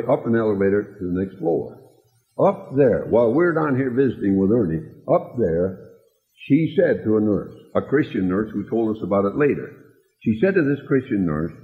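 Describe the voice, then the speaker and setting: A man delivers sermon-style storytelling, unfolding a tender tale at a slow pace and letting his voice fall soft and low whenever he quotes someone. The recording is tinny and lo-fi, captured in a hall with a long echo.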